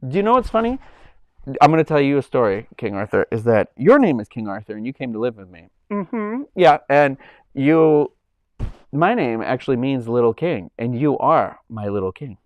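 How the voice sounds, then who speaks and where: A man's voice: medium pitch, big pitch swings, normal speed, no room sound, narrow, tinny audio. A man hosting a casual livestream from home, rambling loosely with lots of likes and ums. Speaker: livestream host. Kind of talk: casual chat.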